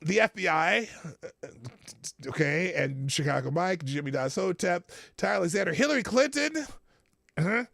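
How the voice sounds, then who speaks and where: A man hosts a live show and rushes through his thank-yous and goodbyes, swearing freely and restarting his sentences. His voice sits fairly high and swings widely in pitch. It is recorded dry and close, with faint music underneath. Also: animated, gravelly, fairly bright tone, no room sound. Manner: rushed, loose and profane, with many restarts. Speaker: live-stream show host. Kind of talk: casual live-stream commentary and sign-off.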